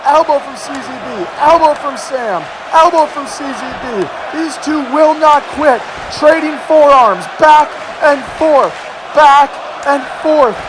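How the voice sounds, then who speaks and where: High-pitched man shouting play-by-play. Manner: loud, hyped, often shouting. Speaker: play-by-play commentator. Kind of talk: excited wrestling commentary. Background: video game crowd noise.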